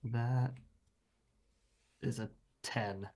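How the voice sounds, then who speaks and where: A man's voice: mid-range voice, steady tone, extremely slow, darkish tone. A man playing a tabletop game, describing a spell at rambling length with many fillers. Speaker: player. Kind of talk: tabletop role-play, casual.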